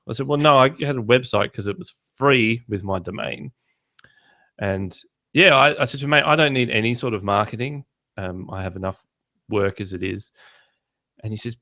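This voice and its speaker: A man's voice: lowish voice, moderate pace, fairly bright tone, no echo. A man hosting a podcast in casual chat, telling wry anecdotes and acting out the other people's voices. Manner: dry, wry storyteller who acts out other voices. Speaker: podcast host.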